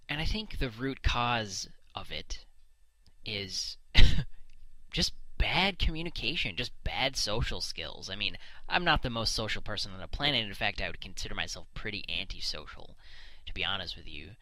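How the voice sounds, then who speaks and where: A man's voice: on the low side, animated, moderate pace, sharp tone, no room sound, poor audio. A man giving an unscripted, blunt, emphatic opinion monologue into a microphone. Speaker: solo commentary host. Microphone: desk microphone.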